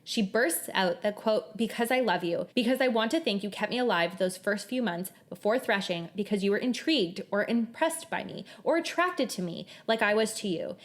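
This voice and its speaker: Casting: young adult woman, podcast co-host, earnest and animated, reads passages with feeling. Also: medium pitch, normal speed, hardly any pauses. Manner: animated, earnest, reads quotes aloud at length. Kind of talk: casual book discussion. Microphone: shared table mic.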